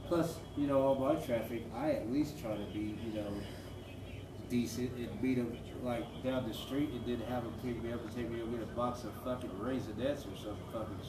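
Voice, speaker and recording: A man's voice: mid-range voice, steady tone, a little fast. A man telling stories in casual, rambling, profane talk full of fillers. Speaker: storyteller. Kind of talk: casual storytelling. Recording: echoey room, mic at a distance, noisy.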